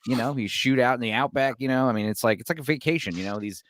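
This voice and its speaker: A man's voice: medium pitch, fast, a bit bright, no echo. Rambling man, dry close voice. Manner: rambling, lots of fillers like "like" and "you know". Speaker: guest. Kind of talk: casual chat.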